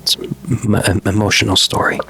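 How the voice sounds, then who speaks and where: A man's voice: fairly low pitch, flat delivery, moderate pace, creaky, bright, forceful tone, a little hiss or hum. A man co-hosting a podcast who drops in short, dry joking remarks during a casual chat. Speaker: podcast co-host.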